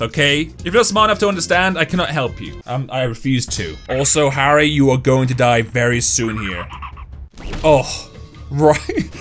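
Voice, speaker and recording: A gaming YouTuber with a slightly high, fairly bright voice gives casual, jokey commentary as he plays a video game. He yelps and laughs often.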